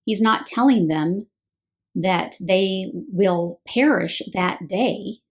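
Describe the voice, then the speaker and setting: A woman's voice: mid-range voice, takes it slowly. A woman giving a scripted Bible teaching talk, explaining step by step and posing rhetorical questions.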